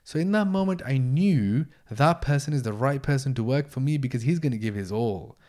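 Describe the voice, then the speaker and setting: Guy hosting a business podcast solo, talks straight and blunt, curses a lot, mid-pitch voice. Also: a little fast. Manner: blunt, swears freely, energetic. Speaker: podcast host, entrepreneur. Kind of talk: casual solo podcast monologue.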